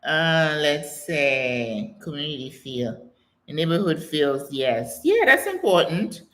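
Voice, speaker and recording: An older American woman hosting a live question-and-answer stream, reading viewer comments aloud and telling stories in a chatty, animated way. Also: sits low, slow pace. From United States. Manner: chatty, animated storytelling with exclamations and laughter. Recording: echoey room sound.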